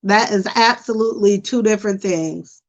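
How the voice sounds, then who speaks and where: A woman hosting a casual live stream, chatting and reacting in an animated, talkative way. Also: mid-range voice, normal speed, muffled recording. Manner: chatty, animated, imitates voices for effect. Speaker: host.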